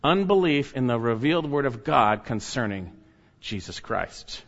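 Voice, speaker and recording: A man's voice: very animated, unhurried. Emphatic preacher man, dull lo-fi sound. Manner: emphatic preaching, swinging from loud high stresses to quiet low asides. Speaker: pastor. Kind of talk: sermon.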